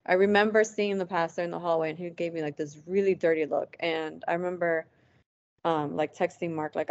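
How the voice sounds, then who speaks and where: A woman's voice: fairly low pitch, fairly even intonation, fairly quick, a little mellow. A woman guest on an interview show, telling a personal story casually, acting out past conversations and using lots of "like" fillers. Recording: dull lo-fi, dry sound.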